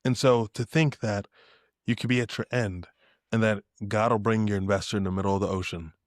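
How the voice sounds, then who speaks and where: Low-voiced man telling an animated story. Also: fairly quick, no echo, studio quality. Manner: acts out dialogue in shifted voices, spirited. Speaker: podcast guest, entrepreneur.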